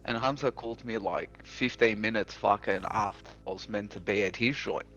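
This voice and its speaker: A man's voice: lowish voice, moderate pace, a bit bright, highs cut off. Swearing Australian man telling a story. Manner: profane, blunt storytelling. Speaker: streamer. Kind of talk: casual storytelling.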